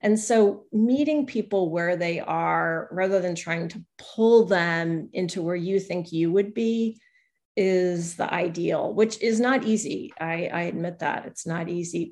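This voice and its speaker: Here a newspaper columnist, interviewed as a guest, speaks in an unhurried, slightly mellow voice on the low side. Her talk is frank and reflective, and she regularly performs the words people said to her.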